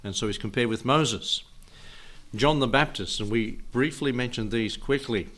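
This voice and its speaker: A man's voice: medium pitch, normal speed, a bit bright. Older man giving a chuckling Bible sermon. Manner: folksy, chuckles often, asks the listeners questions. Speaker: preacher.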